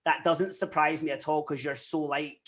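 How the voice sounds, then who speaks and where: A young adult guest with a Scottish accent, telling personal stories candidly in a casual interview, often quoting themselves and others. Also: male voice, on the high side, moderate pace. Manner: candid, animated storytelling with frequent quoted asides.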